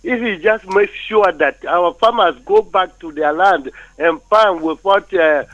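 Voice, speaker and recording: A Nigerian man phones in to a talk show and lays out his views forcefully, teasing the host along the way. His voice sits a bit high, and the line is muffled and dry. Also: a little slow, no room sound. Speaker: phone-in caller. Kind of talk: call-in opinion.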